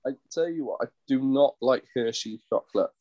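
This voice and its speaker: Man, podcast guest, casual, hesitant, mid-pitched voice, dry sound. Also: fairly quick, warm tone, no room sound, muffled recording. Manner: laid-back, hesitant, many "um"s and "I don't know"s. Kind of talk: casual chat.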